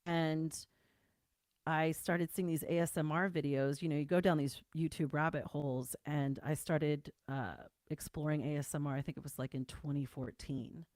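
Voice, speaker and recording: A woman's voice: low-pitched, fairly even intonation, normal speed, a little mellow, dry recording, clean studio sound. A woman guest in a livestream interview, talking in a chatty, rambling way with many fillers. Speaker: guest game developer.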